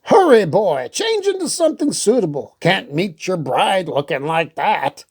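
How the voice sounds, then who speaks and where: A woman voicing an excitable, pompous old king who squeaks and sputters when he shouts. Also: a little slow, slightly rough, exaggerated voice. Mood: bossy.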